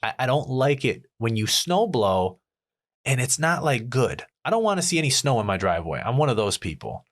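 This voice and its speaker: A man's voice: medium pitch, sing-song, brisk. A man hosting a casual podcast chat, cursing freely and acting out his own rants. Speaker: podcast host.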